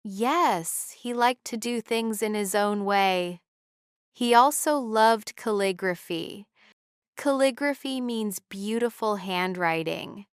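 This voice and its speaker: Woman co-host on a learn-english podcast, slow careful delivery, dry close mic. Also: medium pitch, dry recording. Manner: slow, clear, carefully enunciated. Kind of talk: scripted English-learning dialogue.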